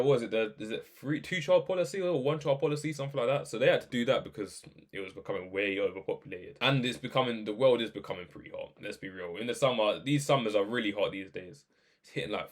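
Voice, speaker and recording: A young man giving casual, animated reaction commentary, ranting and firing off questions. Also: mid-range voice. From England. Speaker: video reaction host.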